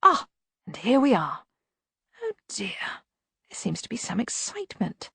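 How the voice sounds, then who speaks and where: A woman reading an audiobook voices a quiet, politely menacing young man. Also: medium pitch, wildly swooping pitch, measured pace, no room sound, clean studio sound, exaggerated voice. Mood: silky. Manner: quiet, smooth, falsely friendly.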